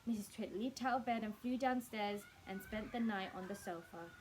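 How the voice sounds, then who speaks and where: A woman reading a children's book aloud in a staff room, expressive and speaking directly to her young listeners. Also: medium pitch, normal speed, slight background noise, rough recording. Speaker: storyteller.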